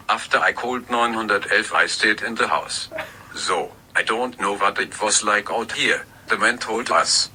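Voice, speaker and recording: A computer-generated male voice with a German accent, reading a news story in a flat, automated way. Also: on the low side, moderate pace, slight background noise, low-quality recording. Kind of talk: synthetic text-to-speech news reading.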